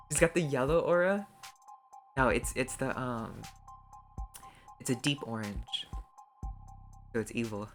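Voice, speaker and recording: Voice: mid-range voice, animated, takes it slowly, pauses often, faint music behind. A streamer who plays an indie story game and reacts casually, laughs, swears and chats between reading the game's lines. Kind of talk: casual gameplay commentary.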